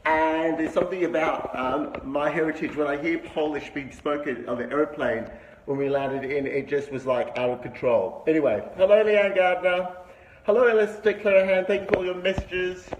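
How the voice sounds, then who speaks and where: A middle-aged man hosts a livestream, talking in a chatty, upbeat way and calling out viewers by name. His voice sits a little on the high side. Steady noise from the phone recording runs underneath. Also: normal speed, muffled recording. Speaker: livestream host. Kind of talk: live-streamed vlog chat. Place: indoor room with a window view. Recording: noisy livestream audio.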